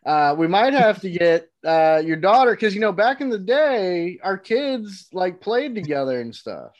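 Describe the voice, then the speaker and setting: A man co-hosts a casual podcast, talking slowly and easily. His voice sits a little high, and he laughs along and swears freely in the banter. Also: big pitch swings, highs cut off. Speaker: podcast host. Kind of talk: casual chat.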